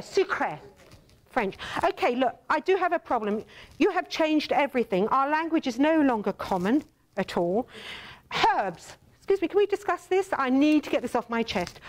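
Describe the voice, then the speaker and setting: An older English woman hosting a cooking demonstration, chatting theatrically and teasing her viewers as darling. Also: sits high. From England. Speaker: cooking show host.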